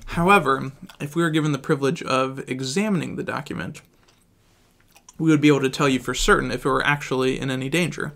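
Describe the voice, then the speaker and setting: Brief: driven treasure hunter, a man reads it flat with gum in his mouth. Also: mid-range voice, fast, gravelly. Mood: earnest. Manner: plain, flat line reading. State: chewing gum, mouth full.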